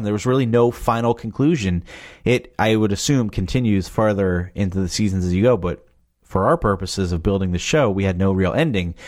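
A man's voice: low-pitched, a little mellow. A young adult man, a podcast creator, talking casually and rambling loosely about his show. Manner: rambling, loose and chatty, full of fillers like "you know". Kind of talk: casual chat.

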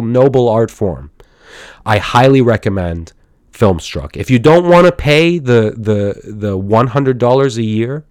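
A man's voice: on the low side, darkish tone, dry recording, studio quality. A man hosting a casual solo podcast, rambling enthusiastically with many fillers and restarts. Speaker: podcast host.

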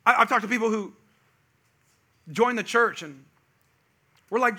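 Pastor, man, middle-aged, high bright voice, animated sermon storyteller. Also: normal speed, long pauses. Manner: animated storytelling, builds to loud emphatic peaks.

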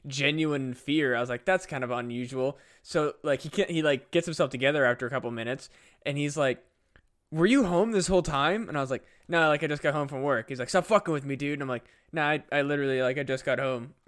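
A man's voice: medium pitch, steady tone, fast, fairly bright tone, clear, resonant tone. A young man, a podcast co-host, telling a casual story with lots of fillers and swearing. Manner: rambling, profane, many fillers.

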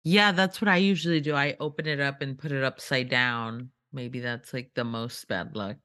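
A woman's voice: rumbling low, moderate pace, fairly bright tone, dry recording. A woman co-hosting a podcast in casual chat, giggly and joking. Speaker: podcast co-host.

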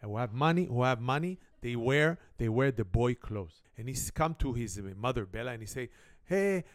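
A man's voice: mid-range voice, a little fast, no room sound, studio quality. A middle-aged man from Israel with an Israeli accent and broken English grammar, a native Hebrew speaker hosting a playful family spelling game and telling a comic story. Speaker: family game show host.

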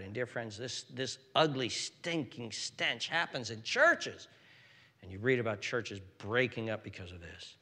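An older man preaching a sermon as pastor, swinging between hushed, whispered lines and loud, emphatic exhortation. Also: medium pitch, lively intonation, moderate pace, breathy edge, in a large hall.

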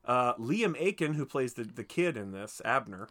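A man's voice: mid-range voice, big pitch swings, normal speed, fairly bright tone. Profane joking male podcast host. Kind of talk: casual movie podcast chat.

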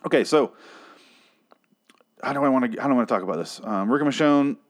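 A man's voice: medium pitch, fast talker. A man giving a profane, exasperated review of a TV episode, ranting and mocking the characters in put-on voices.

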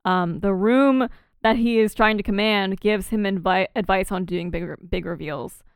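A young woman co-hosts a podcast in easygoing chat, talking freely with lots of fillers, restarts, and frequent laughter. Her mid-range voice has a clean tone at a moderate pace, with clean, echo-free studio sound.

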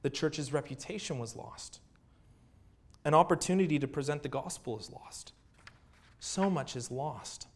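A man's voice: fairly high pitch, lively intonation, a little slow, pauses often. A man preaching a sermon as pastor, earnest, with rhetorical questions and repeated phrases.

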